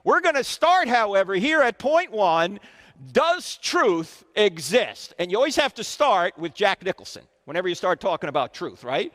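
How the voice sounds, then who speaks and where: A man's voice: high voice, big pitch swings, normal speed, fairly bright tone. A man giving a live lecture to a student audience in a university auditorium, quizzing them with questions as he goes. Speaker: Christian apologetics speaker. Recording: reverberant hall.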